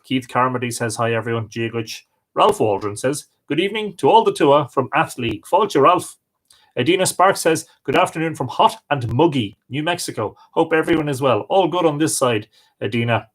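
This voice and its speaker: A man's voice: a little high, animated, normal speed. A man with an Irish accent hosting a live stream from home, cheerfully greeting viewers by name. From Ireland. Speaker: host.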